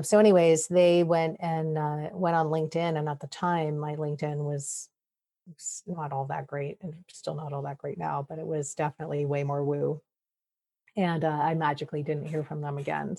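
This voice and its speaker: Low, gravelly woman telling stories. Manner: chatty and animated, with restarts and laughs. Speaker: podcast guest, media expert. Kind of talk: casual interview chat, storytelling.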